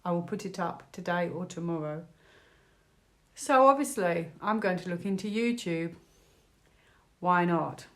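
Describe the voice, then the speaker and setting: Rambling, lowish-voiced British woman. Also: measured pace, pauses often. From United Kingdom. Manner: rambling, chatty, many fillers. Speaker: tarot reader. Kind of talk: casual tarot reading vlog.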